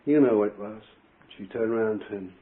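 A man preaching a sermon, telling a story with animated fervor and bursts of shouting. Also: lowish voice, normal speed. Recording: tinny phone-like old tape.

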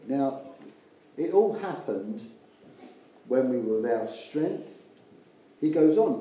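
A man's voice: medium pitch, animated, slow pace, pauses often, dark tone. An older man, preaching an earnest sermon that rambles with restarts and asides. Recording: echoey room with faint ambience.

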